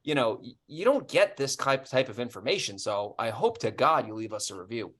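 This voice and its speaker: Guy cohosting a podcast, swears a lot, voice all over the place, mid pitch. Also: a little fast. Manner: animated storyteller, swears freely. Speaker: podcast co-host. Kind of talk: casual podcast chat.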